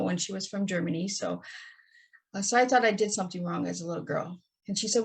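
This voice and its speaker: A woman speaks as a podcast guest, recounting her life in an earnest, candid and heartfelt manner. Her voice sits low and has a husky, breathy grain. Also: steady tone, brisk. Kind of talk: podcast interview storytelling.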